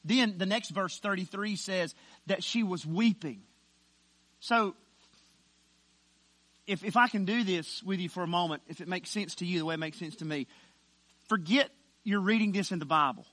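A man preaching a sermon as pastor, emphatic, dropping to a hush and then rising loud with slow stressed words. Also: sits high, no echo.

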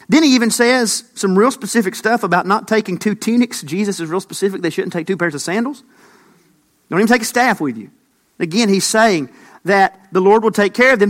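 A man's voice: sits high, fairly bright tone. A man preaching a sermon as a pastor, emphatic, lifting his voice for quoted lines.

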